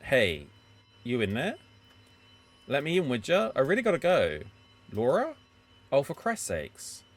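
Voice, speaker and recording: Streamer doing a boozy, bitter failed writer, lively swings in pitch, self-pitying and threatening in turn. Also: male voice, normal speed. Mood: musing. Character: drunk bitter struggling male writer, scheming.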